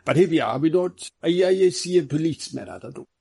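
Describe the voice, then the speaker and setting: A man voicing a foreign gentleman who jokes dryly and speaks halting, broken English. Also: a little high, expressive, creaky, slightly rough, no room sound, clean studio sound, voice pushed up, full character voice. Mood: musing.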